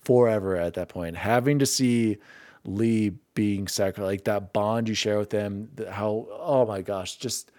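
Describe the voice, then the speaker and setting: A young man hosting a casual gaming podcast, openly sentimental and quick to laugh at himself. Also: lowish voice, darkish tone, no echo. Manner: emotional, self-deprecating, quick to laugh. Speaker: podcast host.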